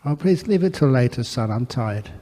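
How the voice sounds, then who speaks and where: A man's voice: fairly high pitch, lively intonation, normal speed, dark tone, lightly acted. A man, a Buddhist monk, voicing a tired, impatient working father in a story. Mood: weary. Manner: curt and dismissive. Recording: long hall reverb.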